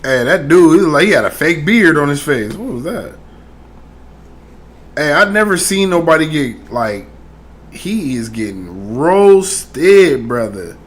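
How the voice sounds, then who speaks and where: A man's voice: a little high, sing-song, unhurried, crowd noise. A man casually reacting to online clips in a slangy, amused, laid-back way.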